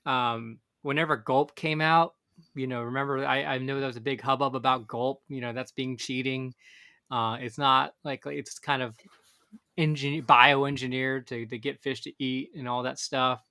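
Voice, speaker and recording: A man's voice: medium pitch, fairly even intonation, moderate pace, bright, forceful tone, smooth. A man, co-hosting a casual fishing podcast and talking in a rambling way with many restarts. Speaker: podcast co-host. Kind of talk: casual chat.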